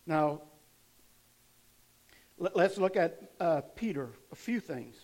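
Male pastor, high voice, dramatic preaching that swings from loud to hushed. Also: expressive, slow pace. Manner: dramatic retelling with rising and falling intensity. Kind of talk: sermon.

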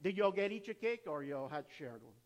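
A pastor in his fifties leads church announcements and the offering from the sanctuary floor. His voice sits on the higher side for a man, and his delivery is loose and chatty, full of restarts and easy laughter. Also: animated, brisk, dull audio.

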